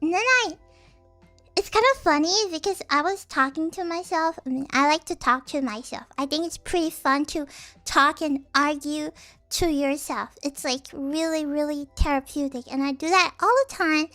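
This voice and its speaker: A woman's voice: sits high, moderate pace, pushed and bright, faint music behind. A young woman streamer chatting casually, rambling and giggly with many restarts. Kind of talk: casual chat.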